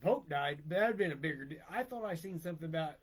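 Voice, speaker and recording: A man's voice: a little high, expressive, quick pace, slightly rough. A man co-hosting a casual podcast, joking and chiming in often. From St. Louis area. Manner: playful, jokey, chimes in often. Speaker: podcast co-host. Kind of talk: casual chat.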